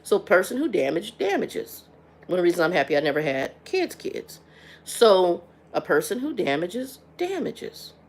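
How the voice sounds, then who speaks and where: A woman's voice: on the low side, very animated, normal speed. A middle-aged woman hosting a casual livestream chat, frank and blunt, often stumbling and repeating words as she talks. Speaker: livestream host.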